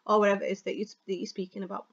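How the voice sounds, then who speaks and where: A woman teacher giving a chatty, fast, expressive lesson on delivering speeches. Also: medium pitch, vocal fry, slightly rough, lo-fi sound. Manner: chatty, fast and expressive, stressing words for effect.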